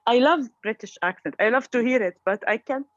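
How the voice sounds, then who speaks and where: A woman's voice: on the high side, animated, brisk, no echo. Hesitant woman student on a dull call. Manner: hesitant, searching for words, laughs. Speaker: student in an online class. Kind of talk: casual class debate. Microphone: video call.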